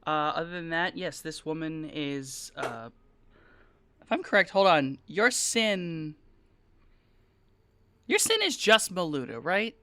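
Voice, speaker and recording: Bright, crisp-voiced game master. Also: medium pitch, big pitch swings, slow pace, long pauses. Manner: rambling, filler-heavy, conversational. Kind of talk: describing scenes for players.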